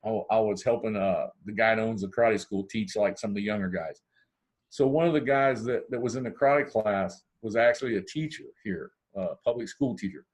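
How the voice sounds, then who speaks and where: Podcast guest: man from Ohio, low-ish voice, animated casual storyteller who acts out every line of dialogue. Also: a little fast. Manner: animated, acts out dialogue with big pitch swings.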